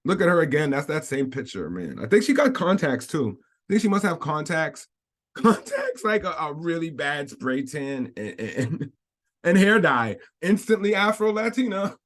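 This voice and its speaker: A man's voice: on the high side, sing-song, normal speed. A man giving casual commentary as he reads out a news article, rambling and repeating himself, laughing often, and breaking off to hedge his points. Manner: rambling, repetitive, hedging, frequent laughs. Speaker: commentary vlogger.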